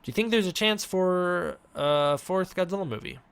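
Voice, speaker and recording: A man hosting a casual live-stream Q&A, giving offhand, halting answers to chat questions. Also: sits high, vocal fry, a bit bright, clear, resonant tone. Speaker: host.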